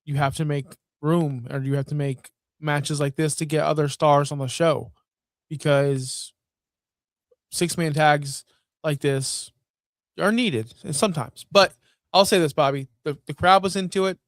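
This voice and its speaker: A man co-hosting a podcast, talking in a relaxed, conversational way and working out his thoughts aloud. His voice sits a little high. The sound is dry, with no room echo. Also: measured pace. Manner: conversational, thinks aloud with fillers. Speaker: podcast co-host. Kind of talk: casual wrestling podcast chat.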